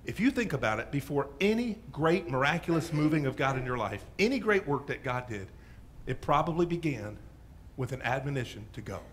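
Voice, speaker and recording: A male pastor preaching a sermon in church, telling the story dramatically, swinging from loud bursts to hushed asides. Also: mid-range voice, brisk, slight background noise. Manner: animated storyteller, dropping to hushes.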